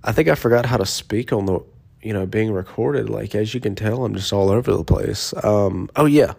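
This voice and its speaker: A man's voice: fairly low pitch, normal speed, vocal fry. A man in his twenties, a beer sales rep, casually telling stories in a rambling way, sleep deprived and swearing now and then. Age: 20s. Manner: rambling, swearing, excitable when retelling. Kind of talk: casual storytelling vlog.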